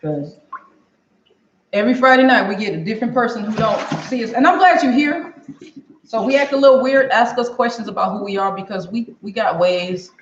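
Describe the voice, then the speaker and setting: A woman's voice: a little high, brisk, slight background noise. Brief: woman, cooking-stream host, loose and chatty with viewers, roomy and slightly muffled kitchen sound. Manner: chatty, talks straight to viewers. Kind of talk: casual live cooking stream chat. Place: home kitchen. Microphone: camera on a stand for a live stream.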